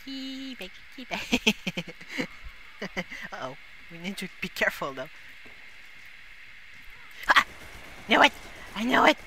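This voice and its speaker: Excitable gamer with bright, lively voice. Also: female voice, medium pitch, slow, pauses often, a little hiss or hum. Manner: excitable, laughs often, frequent exclamations. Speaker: gaming YouTuber. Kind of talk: casual gameplay commentary.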